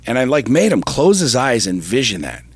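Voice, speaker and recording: A man's voice: mid-range voice, very animated, moderate pace, slightly rough. A middle-aged man, co-host of a talk show, telling a personal story with intense, profane emphasis that builds to fervor. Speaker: podcast co-host. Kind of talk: casual chat.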